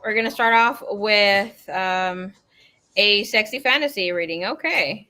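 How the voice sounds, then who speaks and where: A woman's voice: mid-range voice, unhurried, pushed and bright. A woman in her thirties, a psychic tarot reader, chatting casually and telling a story with laughs, swearing and acted-out quotes.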